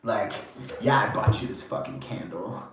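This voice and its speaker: A man putting on a low, drawling bro. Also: expressive, normal speed, creaky, very echoey, far from the mic, soft background music. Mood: smug. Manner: drawling, crude, swearing. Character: dim, bro-ish young straight guy, macho and lazy.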